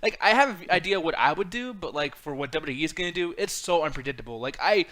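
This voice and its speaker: A fairly high-pitched man talks fast and loosely as a podcast co-host, laughing often and swearing freely. His voice is bright and his pitch swings widely as he gets worked up. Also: expressive. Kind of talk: casual profane wrestling chat.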